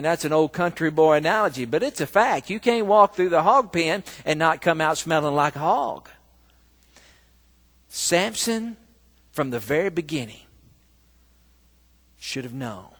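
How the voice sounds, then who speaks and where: A man preaching a sermon, telling a story slowly and breaking into loud, emphatic bursts. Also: fairly high pitch, animated. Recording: long reverb of a large hall.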